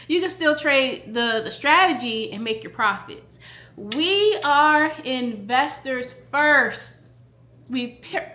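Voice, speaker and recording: A woman teaching stock trading in a casual vlog, her voice high and bright with a forceful edge. She leans on her points and repeats them for emphasis. The sound bounces around an echoey room. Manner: emphatic, repeats key phrases, talks straight to viewers. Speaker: stock trading educator and vlogger. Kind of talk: casual direct-to-camera talk.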